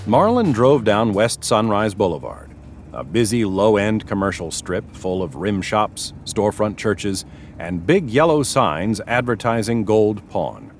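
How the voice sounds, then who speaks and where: A man reading scripted narration for a story with expressive delivery. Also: fairly low pitch, measured pace, slight background noise.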